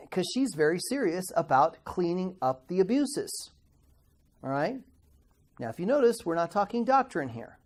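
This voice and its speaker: Man, middle-aged, Bible class teacher, casual lecture, fairly high voice, quizzes his listeners. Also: sing-song, moderate pace. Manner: conversational, asks the class questions, stumbles on hard words.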